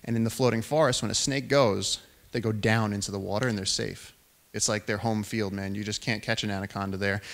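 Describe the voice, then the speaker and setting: A young adult man giving a live storytelling talk to an audience, animated and acting out the voices of the people in his story. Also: on the low side, fairly quick, vocal fry. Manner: animated storyteller, acts out quoted voices, rising excitement. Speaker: featured speaker.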